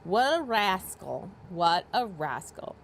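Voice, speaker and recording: A woman voicing a fretful, high-strung middle-aged mother in a dramatic reading of a classic novel. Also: sing-song, slow pace, gravelly, slight background noise, heavily acted. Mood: gushing. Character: fretful, shrill middle-aged mother fussing over her nerves.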